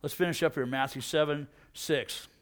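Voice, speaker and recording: A middle-aged man giving a casual, energetic sermon, peppering his talk with "man" and asking "you know what?". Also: on the high side, moderate pace. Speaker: preacher.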